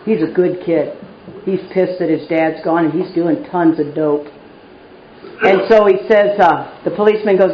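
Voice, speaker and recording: A woman's voice: fairly low pitch, moderate pace, slight background noise. A middle-aged woman from Texas giving a personal recovery talk, candid and wry, poking fun at herself as she tells her story. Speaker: recovery meeting speaker. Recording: roomy, dull live recording.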